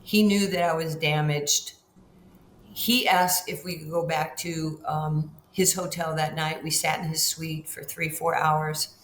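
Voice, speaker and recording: Brief: lower-voiced older woman from New York, lively guest storyteller who acts out quotes, roomy echo, faint background hum. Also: unhurried. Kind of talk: storytelling interview.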